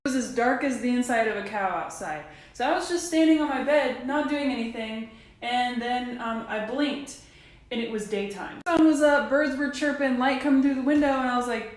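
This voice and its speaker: A woman recounts a strange childhood night in a wry, puzzled manner. Her voice is somewhat high. It rings around a bare, very echoey room. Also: moderate pace. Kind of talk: casual storytelling to phone camera.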